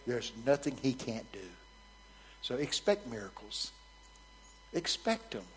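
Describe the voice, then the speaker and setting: A man preaching a sermon, telling a story vividly in a frank, conversational way that swings from soft near-whispers to loud, emphatic bursts. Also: mid-range voice, very animated, a little slow, a little hiss or hum, rough recording.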